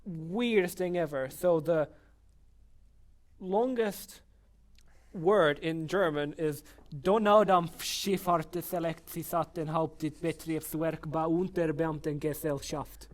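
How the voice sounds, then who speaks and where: A man's voice: fairly high pitch, slow. A young man co-hosting a podcast, reading things out and stumbling over long words. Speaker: podcast co-host. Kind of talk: casual chat.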